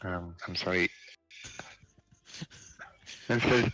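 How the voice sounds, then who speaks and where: A man running a tabletop game as game master, narrating haltingly with many fillers. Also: on the low side, pushed and bright, faint music behind, poor audio. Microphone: online voice call.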